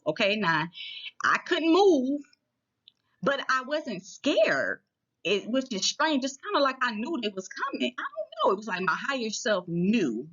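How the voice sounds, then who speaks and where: A woman's voice: fairly high pitch, a bit bright, lo-fi sound. A woman telling a personal story to her viewers in a casual, chatty way, often checking in with them as she goes. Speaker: vlogger.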